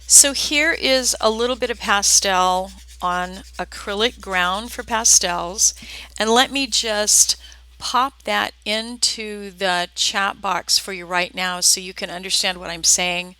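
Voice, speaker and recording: A woman's voice: medium pitch, slow, bright, forceful tone, clean tone, dry recording, poor audio. A woman with a Southern US accent giving a live painting lesson, chatty and folksy, talking straight to her viewers. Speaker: art instructor. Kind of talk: live-streamed painting demonstration.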